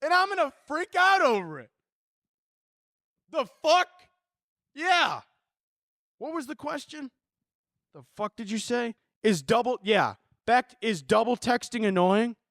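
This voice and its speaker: A man hosting a comedic advice podcast, cursing freely and ranting overdramatically, jumping from muttered asides to shouts and acting out both sides of imagined chats in mocking voices. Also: extremely high pitch, big pitch swings, slow pace, long pauses, dry recording, studio quality. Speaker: podcast host giving advice.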